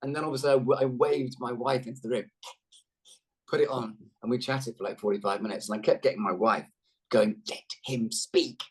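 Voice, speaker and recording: A middle-aged actor chatting on a video call, a rambling, self-deprecating storyteller with a lively delivery. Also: male voice, mid-range voice, fast talker, breathy edge. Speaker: actor guest. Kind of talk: casual interview chat.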